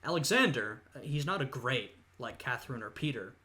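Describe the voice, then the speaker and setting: A young man with a bright, forward voice talks through a history video in a relaxed reaction style. He thinks aloud, filling the gaps with "uh" and "you know" as he explains. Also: medium pitch, a little fast. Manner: thoughtful, lots of "uh" and "you know". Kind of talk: casual reaction commentary.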